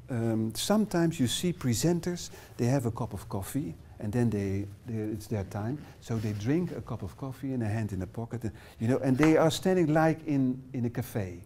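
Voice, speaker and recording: A man's voice: medium pitch, warm tone. A middle-aged Dutch man, a non-native English speaker with a Dutch accent, giving a live workshop presentation in a small classroom, with many fillers and restarts as he addresses participants by name. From Netherlands. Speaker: workshop trainer.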